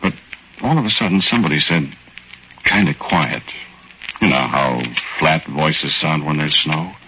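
A man's voice: a bass voice, a little slow, bright, forceful tone, a little hiss or hum, exaggerated voice. An actor narrating as a folksy, easygoing working man, in 1940s radio acting. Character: easygoing working man telling his story. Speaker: narrator and lead character. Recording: dull old radio recording with music.

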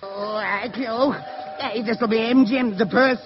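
An actor playing an anxious young lad, a reluctant sidekick who stammers when nervous. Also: male voice, very high-pitched, fairly even intonation, takes it slowly, exaggerated voice. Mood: jittery. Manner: jittery, stammering. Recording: muffled radio recording with live audience.

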